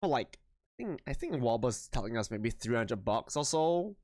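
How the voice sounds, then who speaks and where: A man's voice: mid-range voice, sing-song, moderate pace, darkish tone, no echo, clean studio sound. Tired, giggly young streamer guy. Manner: swears freely, giggly, self-mocking, rambling. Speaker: live streamer. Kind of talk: casual chat with viewers.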